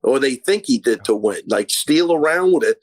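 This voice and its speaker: A man's voice: mid-range voice, animated, normal speed, slightly rough, dry recording. A man, an MMA coach who is a guest on a podcast, talking casually in a rambling, effusive way, restarting sentences and swearing freely.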